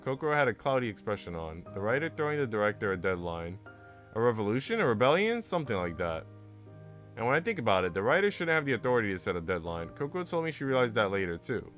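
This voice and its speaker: A man streaming, reading a visual novel aloud in an animated way with asides. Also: on the low side. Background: faint game music.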